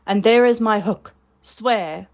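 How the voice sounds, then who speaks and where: A woman reading aloud voices a proud, menacing male pirate captain with a slow, theatrical delivery. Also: mid-range voice. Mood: commanding. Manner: theatrical, commanding, growing fearful.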